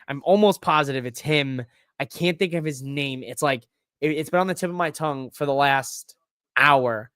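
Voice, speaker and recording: A man hosting a podcast alone, talking in an excitable, rambling way that swears freely. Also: mid-range voice, normal speed, smooth, no room sound, studio quality. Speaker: podcast host. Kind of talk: casual solo wrestling recap.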